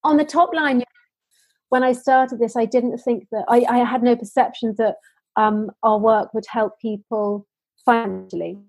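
A woman shares stories in an earnest, heartfelt way. Her voice sits fairly high, with a mellow, husky tone. The sound is dry and close. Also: fairly even intonation, a little slow, no echo, rough recording. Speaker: social entrepreneur guest. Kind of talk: interview storytelling.

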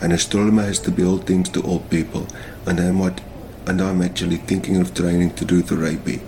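A man voicing a cheeky South African man in jail who leaves a hushed, half-whispered, rambling phone message. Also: sits low, little pitch movement, brisk, a little hiss or hum. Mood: hushed sheepish.

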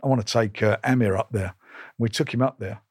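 A man's voice: on the low side, a little fast, a little mellow, breathy edge, dry recording, studio quality. An older man, a boxing promoter, telling blunt stories in an interview with emphatic repeats and restarts. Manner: emphatic, repetitive, combative, stumbles and restarts.

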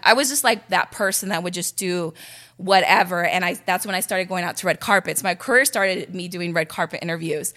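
A young woman from Los Angeles telling stories about her radio career in a casual, animated way, full of "like" and quoted dialogue. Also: mid-range voice. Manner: animated, chatty, heavy use of "like". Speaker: radio personality, guest. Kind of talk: casual storytelling.

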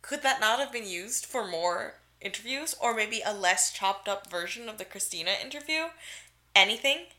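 A woman co-hosting a casual podcast, recapping an episode with dry sarcasm and the odd curse. Her voice is bright and forward, sitting at an ordinary middle pitch for a woman. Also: animated, moderate pace, hardly any pauses. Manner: sarcastic, swears, acts out quotes. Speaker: podcast co-host. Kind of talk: casual chat recapping a show.

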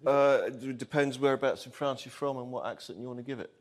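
A man on a comedy panel, trading quick, wry banter. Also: mid-range voice.

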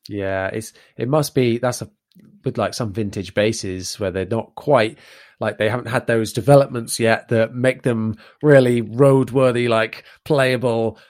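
A man's voice: medium pitch, steady tone, a little slow, a little mellow. A man hosting a casual podcast interview, enthusiastic and chatty, laughing often and rambling into his questions. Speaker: podcast host.

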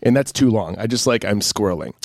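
A man's voice: on the low side, expressive, quick pace, darkish tone, dry recording, clean studio sound. A middle-aged man co-hosting a podcast in casual chat, talkative and self-deprecating, laughing easily. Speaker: podcast co-host.

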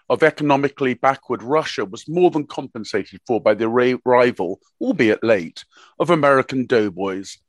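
A man's voice: medium pitch, dry recording. Earnest British man giving a history talk. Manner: earnest, dry asides. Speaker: guest speaker.

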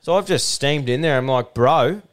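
A man's voice: medium pitch, a little fast, smooth. A young man with an Australian accent, co-hosting a podcast and telling blunt, sweary yarns in casual banter. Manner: blunt, sweary, laid-back yarn-spinning. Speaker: podcast co-host.

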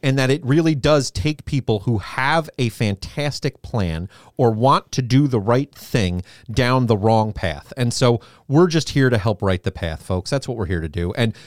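A man's voice: medium pitch, lively intonation, moderate pace, hardly any pauses, no echo, clean studio sound. A middle-aged man from New co-hosting a podcast, joking and self-mocking. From Saugerties, New York. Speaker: podcast co-host. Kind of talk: casual podcast chat.

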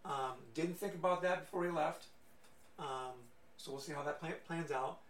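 Casting: a man running a tabletop game, a rambling narrator pitched a bit high, recorded in an echoey room. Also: moderate pace, fairly bright tone. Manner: rambling with fillers and restarts. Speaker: game master. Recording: echoey room from far off with faint noise.

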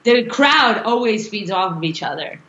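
A woman's voice: mid-range voice, animated, moderate pace, fairly bright tone. A woman rock singer chatting loosely in an interview and laughing often. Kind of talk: casual interview chat. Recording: roomy, dull lo-fi sound.

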